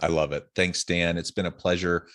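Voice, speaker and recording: A man's voice: sits low, flat delivery, normal speed, fairly bright tone. A man hosting an interview podcast over a video call, speaking in a courteous, affirming way. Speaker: podcast host.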